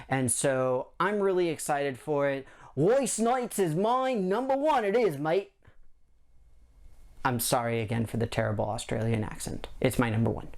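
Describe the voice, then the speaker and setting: On his board game channel, a middle-aged host rambles enthusiastically through a countdown list, talking casually to camera in a clear, resonant, mid-range voice.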